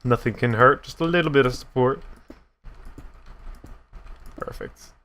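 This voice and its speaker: A young man giving casual, self-mocking commentary while he builds in a block game, with a deep voice that sometimes cracks. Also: a little slow, pushed and bright. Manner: chatty, self-mocking, laughs at his own slips. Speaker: gaming YouTuber.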